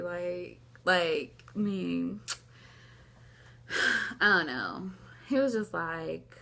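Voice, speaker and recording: Young woman, casual vlog storytelling, low pitch, fry in the voice, acts out quotes. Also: lively intonation, takes it slowly, pauses often, fairly bright tone. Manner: rambling, lots of "like", acts out quoted dialogue. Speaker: vlogger. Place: at home, indoors.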